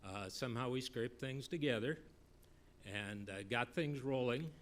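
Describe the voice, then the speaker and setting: A man, a former council member, giving an earnest, measured public comment at a city council meeting, recalling history in a storytelling way. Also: mid-range voice, a bit bright. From Northeast Iowa.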